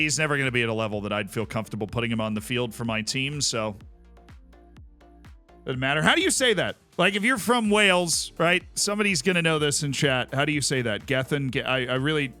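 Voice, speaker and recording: A man's voice: medium pitch, lively intonation, fairly quick, sharp tone, soft background music. A man streaming a sports management game, chatting wryly with his viewers. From Tampa, Florida. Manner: wry, chatty, talks to chat. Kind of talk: casual game commentary.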